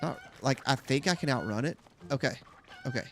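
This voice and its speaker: The young man running a gaming channel talks chattily to viewers during play. His medium-pitched voice is expressive and a little fast, with slight background noise in the recording.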